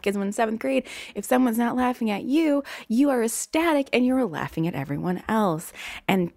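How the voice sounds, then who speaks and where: A woman's voice: medium pitch, animated, normal speed, darkish tone, no echo. Young woman podcast host from Virginia, self-deprecating and profane, dry recording. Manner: rambling, profane, self-deprecating, many fillers. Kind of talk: casual storytelling chat.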